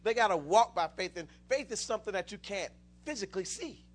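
A man's voice: sits high, expressive, brisk. A man preaching a sermon, telling stories with many restarts and rising into fervent exclamations.

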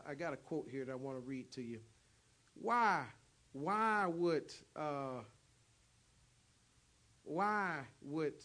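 A fervent male preacher with a high, bright, ringing voice. He reads scripture in loud, emphatic bursts and drops to softer, conversational asides in between. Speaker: pastor. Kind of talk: sermon with scripture reading.

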